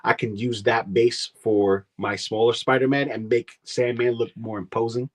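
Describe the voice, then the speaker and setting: A man with a New York accent talks figures with friends over a video call. His voice sits at a plain middle pitch. He rambles a bit, filling gaps with "uh" and "you know". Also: flat delivery, moderate pace. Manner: explains in detail with many fillers. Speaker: panelist on a collecting podcast. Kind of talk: casual chat.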